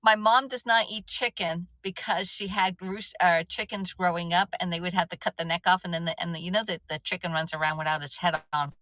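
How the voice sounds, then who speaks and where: A chatty woman talking casually on a livestream, her voice bright and forceful yet sitting a little low. She rambles and restarts often. The sound is close and dry, with no room around it. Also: steady tone, a little fast, few pauses, no echo, low-quality recording. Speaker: livestream host. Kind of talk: casual livestream chat, reading viewer comments.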